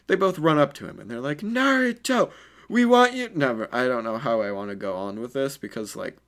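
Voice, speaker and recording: A man's voice: medium pitch, fast talker. A man improvising a fan story in a rambling, crude and self-conscious way.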